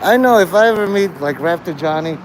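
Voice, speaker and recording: A man's voice: on the high side, expressive, brisk, slight background noise, rough recording. A man hosting a livestream, talking to his chat in a crude, rambling way and laughing at his own jokes. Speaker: livestream host.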